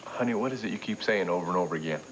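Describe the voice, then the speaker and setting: An actor playing a cheerful, reassuring young husband, in 1980s TV soap acting. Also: male voice, deep voice, very fast, slight background noise, natural voice, rough recording. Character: upbeat, supportive young husband.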